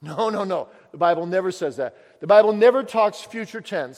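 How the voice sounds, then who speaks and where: A male preacher giving a sermon with emphatic questions and dramatic pauses. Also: high-pitched, animated, a little mellow. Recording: long echo of a large hall.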